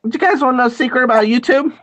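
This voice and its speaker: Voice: rapid-fire, a bit bright. A performer voicing a goofy, childlike male character who stammers and giggles in an improvised livestream bit. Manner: stammering, giggly, high-pitched.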